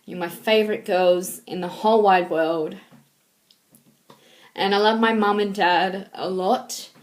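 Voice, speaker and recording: Thirties woman vlogging, slow and halting, lots of ums, sentimental. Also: mid-range voice, fairly even intonation. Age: 30s. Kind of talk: casual heartfelt talk to camera.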